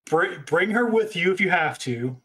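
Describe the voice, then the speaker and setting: A man's voice: high voice, lively intonation, moderate pace, fairly bright tone. A man playing a tabletop game at a live convention, talking casually and thinking aloud through his moves. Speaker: player.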